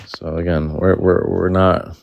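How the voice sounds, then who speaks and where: Man, very low and gravelly, ranting host of a live panel. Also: flat delivery, muffled recording. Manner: ranting, rapid rhetorical questions. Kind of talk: heated live panel discussion.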